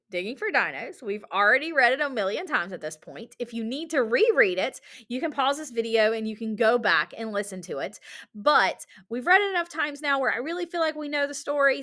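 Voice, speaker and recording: Female teacher, upbeat and encouraging, slightly high, bright tone. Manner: animated, encouraging, asks many rhetorical questions. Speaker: elementary reading teacher. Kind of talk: recorded classroom lesson for children.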